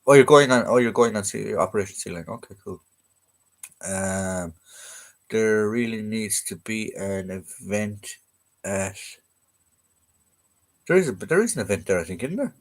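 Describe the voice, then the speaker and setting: A man with an Irish accent sits with a fairly low voice, hosting a relaxed live stream for viewers. He rambles along easily, dropping in ums and starting sentences over as he goes. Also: moderate pace, pauses often. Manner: rambling, easygoing, many fillers and restarts. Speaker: livestream host.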